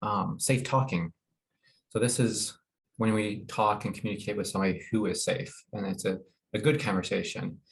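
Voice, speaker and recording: A man presenting a wellness webinar in an informal, halting way, with many fillers and restarts. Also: lowish voice, fairly even intonation, poor audio. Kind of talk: informal educational talk.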